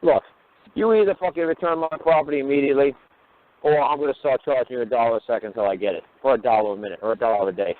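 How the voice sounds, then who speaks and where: Blunt profane man on a phone line. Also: medium pitch. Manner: blunt, profane, rapid rhetorical questions. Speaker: talk show guest lecturer. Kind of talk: profane call-in talk.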